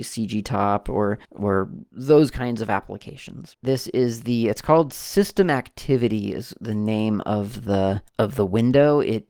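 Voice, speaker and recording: A man casually talking through a software demo as he clicks around, thinking aloud and correcting himself often. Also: fairly low pitch, gravelly, no echo, studio quality. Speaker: tech video host. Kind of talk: casual screen-recorded software walkthrough.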